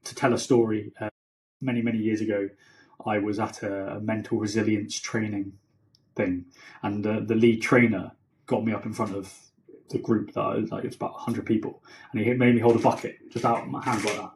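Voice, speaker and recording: A man's voice: fairly low pitch, flat delivery, a little fast, darkish tone. A man co-hosting a podcast, chatting casually and rambling through stories with many restarts. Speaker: podcast co-host. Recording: roomy echo.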